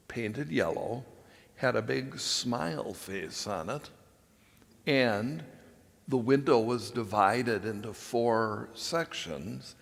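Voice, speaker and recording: An older priest tells a long personal story from the pulpit, folksy and unhurried. He talks slowly at a middle pitch, with plenty of pauses. His voice rings through a large church with a long trailing echo. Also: creaky, fairly bright tone. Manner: folksy, rambling anecdotes with frequent pauses.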